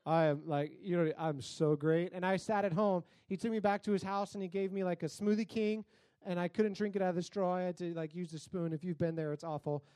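Male pastor with a high voice, dry close sound, chatty sermon storyteller given to sudden loud comic bursts. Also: steady tone, fast talker, no echo.

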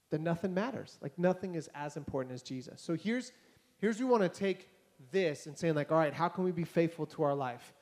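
Animated male pastor telling stories. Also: a little high. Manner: conversational, animated, acts out dialogue. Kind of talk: casual sermon with storytelling. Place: church hall before a congregation.

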